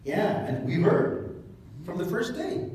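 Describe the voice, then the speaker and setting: Casual animated preacher man in echoey hall. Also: sits high, slow pace, a little hiss or hum. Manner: casual, joking asides, animated retelling. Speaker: pastor. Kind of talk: sermon. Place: church hall. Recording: echoey hall, mic at a distance.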